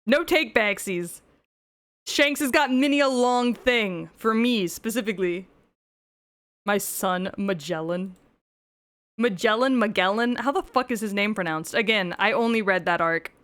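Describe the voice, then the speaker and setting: Smooth-voiced woman streamer, chatty and crude. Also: medium pitch, measured pace, a bit bright. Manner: chatty, swears often, jokey asides. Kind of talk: casual gameplay commentary.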